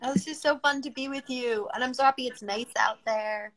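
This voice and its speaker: A woman's voice: high-pitched, brisk, a bit bright. A woman chatting casually and complimenting a friend's apartment during a home tour. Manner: enthusiastic, complimentary. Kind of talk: casual chat.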